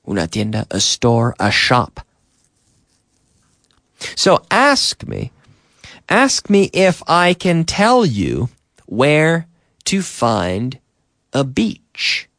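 A man teaching an English lesson on the radio, drilling phrases slowly and repeating them, with short glosses added in between. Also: medium pitch, huge pitch swings, fairly bright tone, dry recording, studio quality. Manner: slow, repetitive drilling with Spanish glosses. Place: radio studio.

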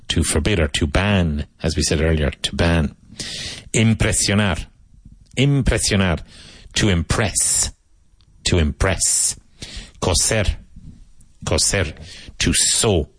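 A man from Ireland, teaching a vocabulary lesson and repeating each word slowly and clearly. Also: sits low, no room sound. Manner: slow, emphatic repetition of each word. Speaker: English teacher.

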